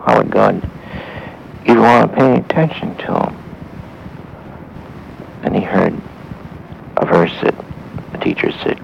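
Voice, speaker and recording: Deep, gravelly-voiced male storyteller. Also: highs cut off, slight background noise. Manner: halting, with pauses and restarts. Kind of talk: spoken Christian story for listeners.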